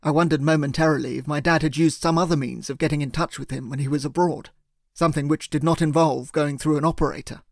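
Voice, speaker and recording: A man narrating a first-person thriller audiobook in a steady, earnest way. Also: on the high side, quick pace, vocal fry, no room sound, studio quality.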